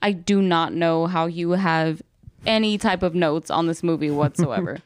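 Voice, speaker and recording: A woman's voice: fairly low pitch, normal speed, no echo, studio quality. A woman co-hosting a casual movie review podcast, blunt and teasing, swearing freely. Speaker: podcast co-host.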